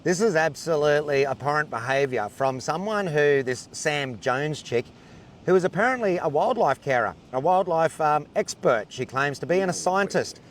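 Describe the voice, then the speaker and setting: An Australian man in a full-blown rant, swearing hard and fuming as he talks. His voice sits a little high for a man. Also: animated, normal speed. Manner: furious, heavy swearing. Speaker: ranting video poster. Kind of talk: angry rant to camera.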